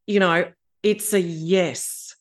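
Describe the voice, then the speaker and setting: A woman's voice: fairly low pitch, fairly even intonation, slow. A woman in her fifties with an Australian accent, telling her story candidly as a podcast guest and acting out her own inner voices. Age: 50s.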